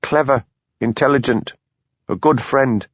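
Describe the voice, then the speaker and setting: A man's voice: medium pitch, unhurried, breathy edge, no echo, lo-fi sound, pitched above the performer's own voice. A man doing a curt Yorkshire woman. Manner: curt, defensive, prickly. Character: small sharp-tongued woman designer.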